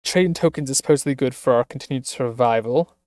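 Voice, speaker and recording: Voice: mid-range voice, fast talker, a little mellow, no echo. A streamer on a close microphone reading a visual novel aloud, with wry asides.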